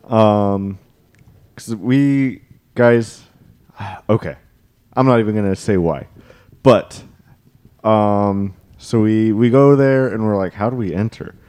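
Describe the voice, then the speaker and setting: A young man in casual chat, telling an animated story and laughing often. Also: fairly low pitch, takes it slowly, long pauses, smooth.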